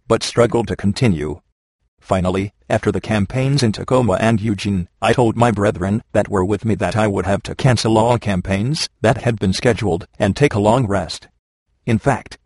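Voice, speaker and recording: Low-voiced man reading steadily. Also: no echo. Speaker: narrator. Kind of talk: reading a religious memoir aloud.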